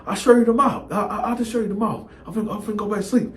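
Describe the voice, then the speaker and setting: A man's voice: sits high, steady tone, very fast, echoey room, voice pushed up, close to an everyday voice. A man voicing a nervous male prison cellmate who stammers, mumbles and dodges questions. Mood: mumbling.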